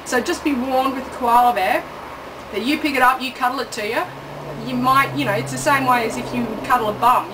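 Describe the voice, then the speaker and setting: Sweary Australian woman, distant and noisy. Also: on the high side. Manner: sweary, sarcastic, self-correcting ranting. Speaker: comic vlogger. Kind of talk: comic monologue.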